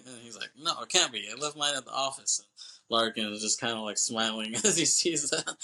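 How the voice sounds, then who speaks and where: A man's voice: mid-range voice, bright, forceful tone, poor audio. A man co-hosting a movie podcast, casually retelling a film's plot with lots of profanity and acted-out lines. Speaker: podcast co-host.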